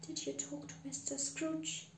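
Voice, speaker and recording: Woman reading a hushed worried mother. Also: high-pitched, little pitch movement, unhurried, vocal fry, noisy background. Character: worried poor mother, soft and tearful. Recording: roomy echo.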